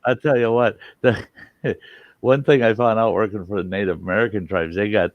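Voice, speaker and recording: A man with a low voice hosts a casual chat, folksy and quick to laugh. The sound is dry and close, with a dull lo-fi quality. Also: steady tone, no room sound. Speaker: host.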